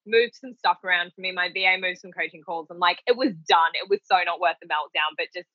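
A woman's voice: lowish voice, fast talker, dry recording, highs cut off. A woman life coach chatting casually on a podcast, telling stories animatedly and laughing often. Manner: animated storyteller who acts out quotes and laughs often. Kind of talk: casual chat.

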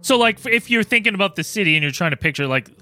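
Quick, eager male co-host, bright and sharp, dry close sound. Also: high voice, lively intonation, no echo. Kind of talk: casual chat.

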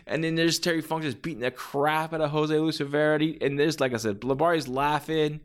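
A podcast host with a fairly high, smooth voice talks a little fast with fairly even intonation. He's casual and enthusiastic, rambling along and acting out quotes as he goes.

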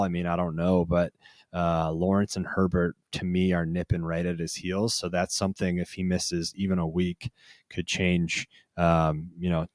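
A man's voice: low voice, darkish tone, dry recording, studio quality. A man co-hosting a podcast, talking fantasy football in a loose, rambling way full of fillers. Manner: loose, filler-heavy, teasing. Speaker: podcast co-host. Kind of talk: casual fantasy football chat.

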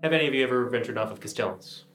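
A man's voice: mid-range voice, rapid-fire, a bit bright, soft background music, close to an everyday voice. A man voicing his character, an earnest traveling performer with a Southern accent, in a roomy recording. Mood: serious. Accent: American Southern.

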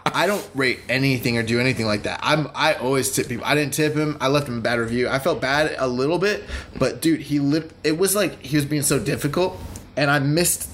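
Guy on a podcast, gets loud and animated telling stories, bit of background hiss. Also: medium pitch, fairly quick. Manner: animated storyteller, acts out his own heated replies. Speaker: wrestling podcast co-host. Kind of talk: casual chat.

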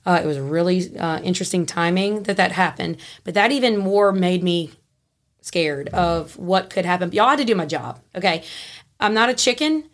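A woman, a podcast guest telling a story in a frank, animated way and laughing easily. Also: fairly low pitch, moderate pace. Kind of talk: casual storytelling.

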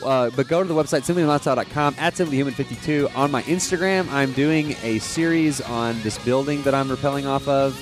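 A man's voice: mid-range voice, fast talker, few pauses, music in the background. A man co-hosting a podcast in casual chat, rambling and laughing through his stories. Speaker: podcast co-host.

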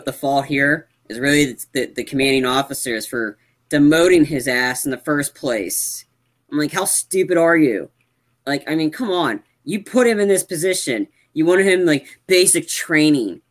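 A co-host on a casual movie podcast talks in a middle-pitched voice, neither high nor low. The delivery is an animated rant, full of filler words, about a film they disliked. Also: moderate pace. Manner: animated ranting with frequent "like" fillers. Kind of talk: casual movie review chat.

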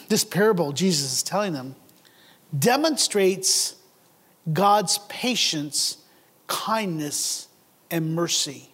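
High-voiced preacher in a reverberant hall. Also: male voice, a bit bright, breathy edge. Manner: earnest, asks rhetorical questions, repeats words when starting a phrase. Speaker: pastor. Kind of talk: sermon. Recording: long reverb of a large hall.

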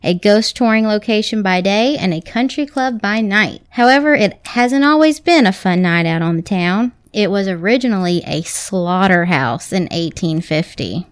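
A woman in her thirties from Kentucky, co-hosting a casual chat podcast as a mother, playful and teasing and quick to laugh. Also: medium pitch, lively intonation, clean tone.

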